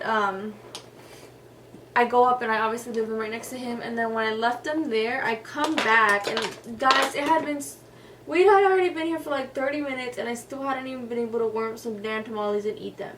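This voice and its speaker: Young woman vlogger, higher voice, casual and swearing, a bit off-mic in a faintly noisy room. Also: a bit bright, distant mic. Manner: chatty, profane, lots of "like" and "y'all". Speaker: beauty vlogger. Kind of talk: casual storytelling during a makeup tutorial. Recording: voice a little off-mic with faint noise.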